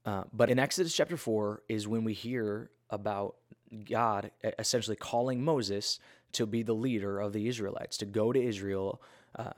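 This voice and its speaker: A man's voice: on the low side, no echo, clean studio sound. A man giving a casual, earnest Bible talk in a conversational, self-deprecating way.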